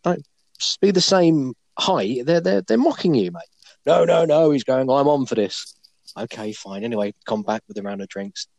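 A man's voice: medium pitch, expressive, moderate pace, gravelly, darkish tone, no room sound. A man hosting a podcast, telling a bawdy anecdote in a casual, laughing way. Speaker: podcast host. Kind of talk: casual storytelling.

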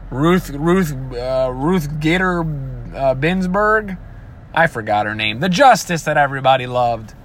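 A man's voice: a little high, animated, unhurried, a bit bright, slight background noise. A man ranting casually and profanely, often breaking into mocking imitations of other people. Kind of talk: casual rant.

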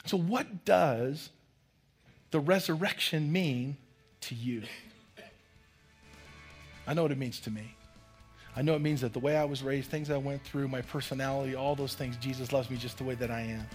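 A man's voice: mid-range voice, steady tone, quick pace, a little mellow, soft background music. A man preaching a sermon as pastor, telling a story and acting out the voices of children and a teacher.

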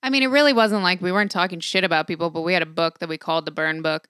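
A woman with a smooth, slightly low voice chats casually on a podcast, filling her talk with "like" and casual swearing. The recording is dry and close. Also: fairly even intonation, racing, a bit bright, no echo. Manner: chatty, lots of "like", swears freely. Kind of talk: casual chat.

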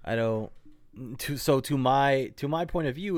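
A man's voice: medium pitch, unhurried, no echo, studio quality. A man co-hosting a casual sports podcast, joking and laughing often. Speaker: podcast co-host.

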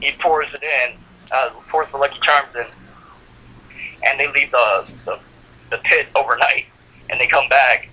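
A man's voice: mid-range voice, a little slow, pauses often, pushed and bright, slightly rough, low-quality recording. A man co-hosting a podcast, casually recapping a cartoon episode with lots of fillers. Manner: rambling plot recap with frequent fillers and laughs. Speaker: podcast co-host. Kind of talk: casual chat.

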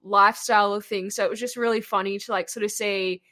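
A woman's voice: medium pitch, steady tone, quick pace, sharp tone. A woman interviewing in a casual chat, talking with lots of "like" and laughing often. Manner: chatty, laughing, filler-heavy.

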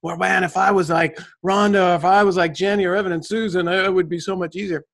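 A male guest in an interview who delivers life advice with a coach's energy, leaning on constant rhetorical "right?" checks. His voice sits a little higher than most men's. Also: a little fast. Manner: energetic, preachy, tag questions. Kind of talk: motivational conversation.

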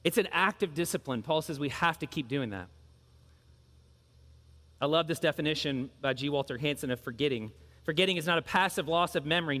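Bright-voiced male pastor preaching in a hall. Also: a little high. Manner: earnest, emphatic preaching with repeated phrases. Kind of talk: sermon.

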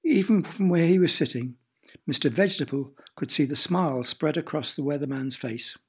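A man narrating a children's story in a gentle, playful way, sometimes asking the listener questions. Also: on the high side, moderate pace, husky.

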